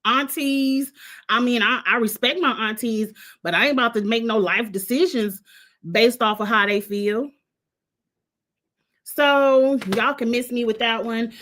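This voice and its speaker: A woman's voice: on the high side, unhurried, a bit bright. A woman from Illinois with a blended Midwestern and Southern US accent, giving a blunt, sassy, opinionated recap of reality TV in casual chat. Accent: Midwestern US mixed with Southern US. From Illinois, USA.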